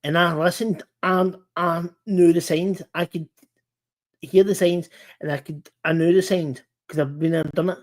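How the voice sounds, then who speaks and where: Halting, earnest man hosting a chat stream. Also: a little high, fairly even intonation. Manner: halting, earnest, many restarts and repeats. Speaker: live-stream chat host. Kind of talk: casual live-stream chat.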